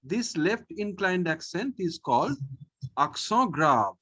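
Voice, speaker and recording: A man teaching a French lesson online, slowly and patiently, repeating each sound and often checking in with "okay". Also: sits high, sing-song, fairly bright tone, slightly rough.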